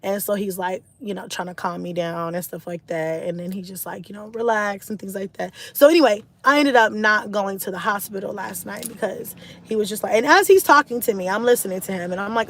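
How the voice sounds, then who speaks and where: A stressed woman telling a personal story to her live stream viewers in a candid, animated way, swearing freely and filling her talk with "like" and "you know.". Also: medium pitch, a little fast. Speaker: vlogger talking to a live stream audience. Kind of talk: casual storytelling.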